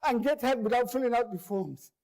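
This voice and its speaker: A man's voice: very high-pitched, lively intonation, fairly quick, vocal fry, a little mellow, full character voice. A man voicing an impatient, brusque female office clerk who dismisses questions curtly. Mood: dismissive. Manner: curt, dismissive, repeats refusals.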